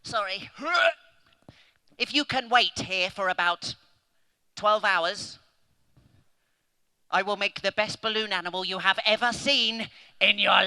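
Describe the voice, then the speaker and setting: High, bright, goofy stage magician man. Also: measured pace, pauses often, smooth. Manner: goofy, excitable, playful, with whoops and sudden shouts. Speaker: comedy magician. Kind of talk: stage comedy magic act. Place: stage at an awards event.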